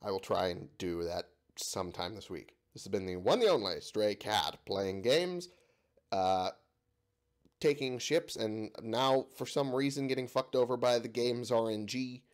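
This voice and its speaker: Sick, cursing low-voiced gaming host. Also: male voice, measured pace. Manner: swears freely, exasperated at the game. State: sick, voice giving out. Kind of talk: let's-play commentary.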